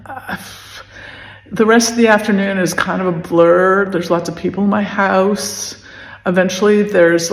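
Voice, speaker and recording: A woman in her fifties recalling a painful memory in a soft, emotional way, halting with many restarts and pauses. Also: on the low side, gravelly. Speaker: podcast host telling her story. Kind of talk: personal recollection. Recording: echoey room with long reverb.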